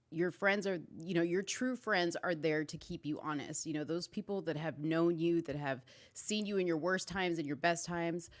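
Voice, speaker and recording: A woman in her thirties hosting a podcast in casual chat, animated and quick to laugh, her voice jumping high when amused. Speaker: podcast host.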